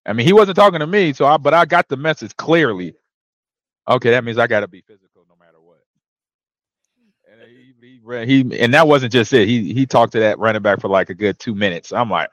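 A man's voice: mid-range voice, quick pace, no room sound, lo-fi sound. A former running back hosting his own show, telling stories casually and acting out what people said, laughing often. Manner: relaxed, laughs often, acts out quotes. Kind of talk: casual storytelling.

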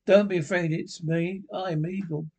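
Figure: frightened man searching a dark house, as a man reads it. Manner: strained, rising calls. Pitch: higher than the narration. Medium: read-aloud ghost story. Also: steady tone, normal speed.

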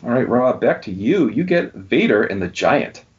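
A man's voice: medium pitch, sing-song, moderate pace, husky. A man hosting a casual podcast trivia game, reading out questions and answers and laughing easily. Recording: dull lo-fi sound.

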